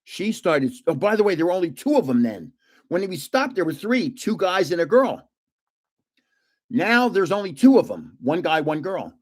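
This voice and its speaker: An older man, host of a casual livestream, telling a rambling story with loud bursts of emphasis. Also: sits high, sing-song, moderate pace.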